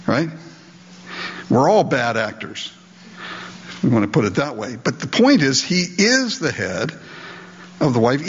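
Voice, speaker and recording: A man's voice: fairly high pitch, slightly rough, big-room sound, highs cut off. A man preaching a sermon in an emphatic, conversational way, full of rhetorical questions. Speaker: pastor.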